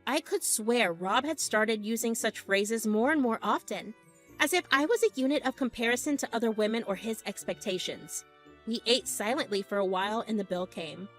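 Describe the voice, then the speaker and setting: A woman's voice: a little high, fairly bright tone. A young woman narrating a family story with an exasperated storytelling manner.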